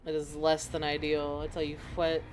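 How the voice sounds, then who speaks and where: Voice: mid-range voice, monotone, moderate pace, faint music behind. A streamer from the United States talking casually while playing, laid-back, sheepish and slangy. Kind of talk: casual game stream talk.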